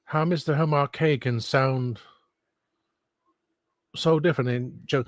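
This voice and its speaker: A man's voice: medium pitch, measured pace, pauses often, dry recording. A man from the United States talking in a casual, rambling, self-deprecating way as a streamer, laughing between thoughts.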